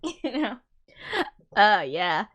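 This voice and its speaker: A woman hosts her own live stream and chats loosely with viewers between songs. She rambles, leans on fillers and swears freely, and she often reads viewer comments aloud. Her voice sits at a medium pitch. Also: sing-song, drawn-out words, fairly bright tone, lo-fi sound. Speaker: musician streamer. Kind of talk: casual live-stream chat.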